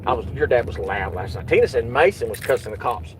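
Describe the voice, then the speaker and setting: A middle-aged man talks agitatedly and swears while chatting in a vehicle, loudly acting out what others said. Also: medium pitch, sing-song, quick pace, crowd noise, poor audio. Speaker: YouTube channel host. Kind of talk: casual vlog chat in a car.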